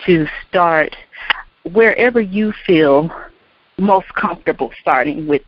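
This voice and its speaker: A woman's voice: on the low side, animated, takes it slowly, no room sound, muffled recording. A woman interviewing a guest for a magazine, speaking in an encouraging way with brief affirmations.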